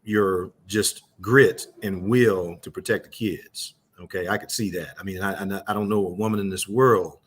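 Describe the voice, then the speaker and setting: A man hosting an interview show, asking probing questions in a halting way and repeating his phrases. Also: deep voice, steady tone, husky. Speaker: interview host. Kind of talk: conversational interview.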